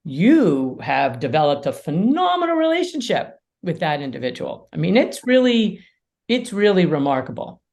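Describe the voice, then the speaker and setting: A woman mediator and lawyer, a podcast guest, explaining ideas in an animated way and acting out quotes. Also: lowish voice, moderate pace, gravelly. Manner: animated storyteller, acts out quotes. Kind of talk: casual conversation.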